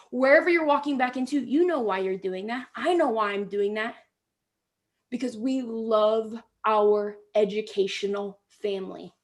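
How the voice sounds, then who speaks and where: A woman in her thirties giving a motivational talk to educators, telling stories with lively acted-out dialogue. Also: fairly high pitch. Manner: animated storytelling, acting out quoted dialogue. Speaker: keynote speaker.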